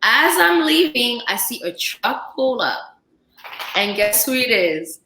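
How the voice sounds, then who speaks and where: A woman's voice: on the high side, slow pace, a little hiss or hum. A young woman from Central Africa, a chef and podcast guest, telling a story in casual chat and acting out the dialogue with lots of "like". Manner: animated storyteller, acts out dialogue, frequent "like". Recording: roomy, echoey podcast room.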